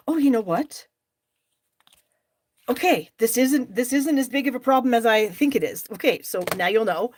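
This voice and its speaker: A woman's voice: a little high, animated, measured pace, pauses often, slightly rough, no room sound. A middle-aged woman hosting a live stamping class, chatting with viewers by name and openly frustrated at her own mistakes. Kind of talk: live crafting demonstration.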